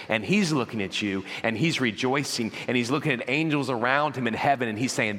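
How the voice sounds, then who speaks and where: A man preaching a sermon as pastor, telling animated stories and acting out parents and children. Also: medium pitch, a little fast, hardly any pauses. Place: large church auditorium. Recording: long church hall reverb.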